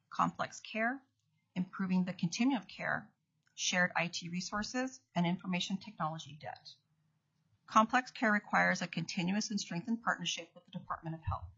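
A woman's voice: on the low side, fairly bright tone, breathy edge. A woman, an acting state commissioner, reading prepared testimony at a hearing and correcting small slips as she goes. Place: legislative hearing room. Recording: dull lo-fi hearing audio.

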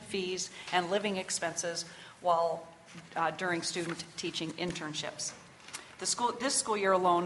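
A woman in her sixties giving measured, earnest testimony to a legislative committee from prepared remarks. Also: lowish voice, a bit bright. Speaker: invited testifier. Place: committee hearing room.

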